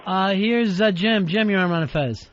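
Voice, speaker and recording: A man hosting a talk radio show, bantering in a dry, teasing way with quick comebacks. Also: high-pitched, a little hiss or hum. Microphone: studio microphone. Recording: dull, dry studio broadcast sound.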